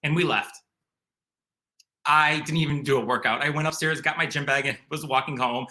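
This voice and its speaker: A young man from the area, eagerly telling a personal story in an animated way, full of "like" and "um". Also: fairly high pitch, normal speed. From Chicago area. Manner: animated, excitable, uses lots of "like" and "um". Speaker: storyteller guest.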